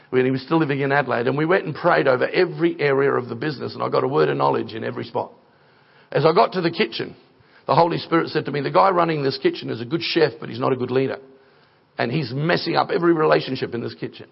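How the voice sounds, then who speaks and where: Gravelly preacher, lo-fi recording. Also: male voice, a little high. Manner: conversational, rising to emphatic preaching. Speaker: guest preacher. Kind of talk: sermon with storytelling.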